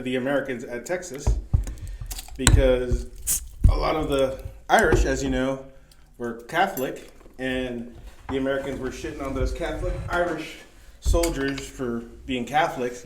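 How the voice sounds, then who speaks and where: Male podcast co-host, loose and swearing, roomy echo, faint hiss behind. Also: mid-range voice. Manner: loose, profane, laughing storyteller. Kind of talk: casual chat. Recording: echoey room with faint noise.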